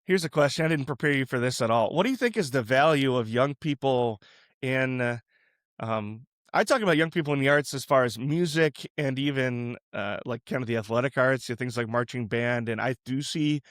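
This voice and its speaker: Male podcast host, casual and rambling, mid pitch, dry close recording. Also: a little fast, dry recording. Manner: relaxed, chatty, musing aloud with restarts. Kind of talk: casual Christian podcast interview.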